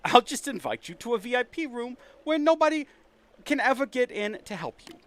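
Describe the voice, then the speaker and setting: A man's voice: extremely high pitch, sing-song, brisk, a bit bright, no room sound, pitched above the performer's own voice, exaggerated voice. A man voicing a threatening male gangster interrogator in a put-on New York accent while playing a video game. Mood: menacing. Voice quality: clumsy tough-guy gangster voice, threatening. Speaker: streamer voicing a game character.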